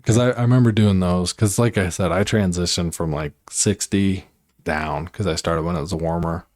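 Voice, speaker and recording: Low-voiced joking man in casual chat. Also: steady tone, normal speed, a little mellow. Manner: joking, rambling, laid-back. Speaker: podcast co-host.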